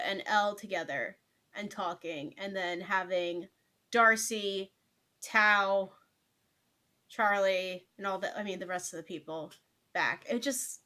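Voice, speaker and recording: A woman co-hosting a casual book club chat, speaking emphatically and excitably. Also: mid-range voice, measured pace. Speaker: podcast co-host.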